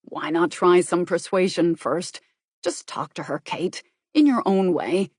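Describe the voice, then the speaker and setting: A woman's voice: on the low side, expressive, a little slow, a little mellow, slightly rough, no echo, studio quality. A woman reading as a grave, worried man. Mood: earnest.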